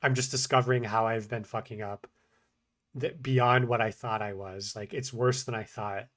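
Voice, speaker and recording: Man, mumbling, self-critical, casual video diary, halting repeated practice phrases, fast then slow. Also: medium pitch, fairly even intonation, a bit bright. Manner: mumbles, swings between fast talk and slow pauses. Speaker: language learner vlogger.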